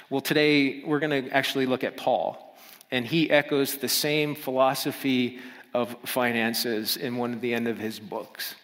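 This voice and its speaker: A man's voice: medium pitch, moderate pace, a bit bright. A pastor preaching a casual, playful sermon in a church, often repeating himself as he talks. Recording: long church hall reverb.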